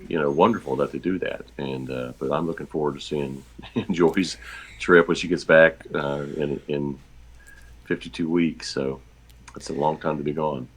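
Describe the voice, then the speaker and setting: Man with an extremely deep voice. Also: steady tone, breathy edge. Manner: halting, self-deprecating. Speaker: regular guest, blogger. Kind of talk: casual chat.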